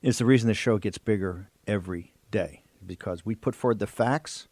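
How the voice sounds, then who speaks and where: A man's voice: lowish voice, moderate pace, darkish tone, no echo. A man hosting a political talk radio show, speaking in sweeping, emphatic oratory from a studio. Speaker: host.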